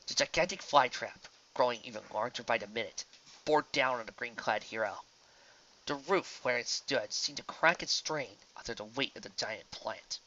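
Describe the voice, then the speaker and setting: A man reads a story aloud in a plain, even way. His voice is bright and forceful. The recording is dull and lo-fi. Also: medium pitch, moderate pace, slight background noise. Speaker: reader. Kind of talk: reading fan fiction aloud.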